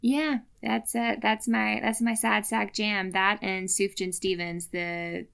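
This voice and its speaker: A woman in loose, joking podcast conversation. Her voice has a gravelly edge, and she laughs easily and swears without thinking. Her middle pitch sits right in the ordinary range. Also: fairly even intonation, slow, a bit bright. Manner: playful, swears freely, laughs often. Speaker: podcast guest. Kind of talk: casual chat.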